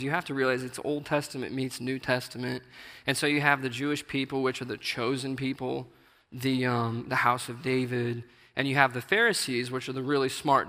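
A man's voice: mid-range voice, sharp tone. Earnest man preaching in a reverberant hall. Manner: earnest, conversational, reads scripture aloud with rising emphasis. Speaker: lay preacher. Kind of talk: informal sermon with scripture reading.

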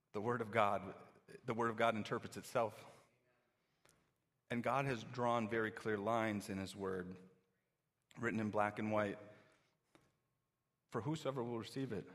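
A man's voice: mid-range voice, a bit bright. A man preaching a sermon in an easy, conversational way, often acting out the voices of doubting listeners. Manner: conversational, acts out quoted listeners. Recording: long reverb of a hall.

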